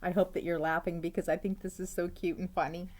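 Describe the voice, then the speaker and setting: A woman's voice: fairly low pitch, level tone, fast talker, darkish tone, a little hiss or hum. A woman teacher reading a picture book aloud to children, chatty and asking them questions, with frequent "uh-oh"s.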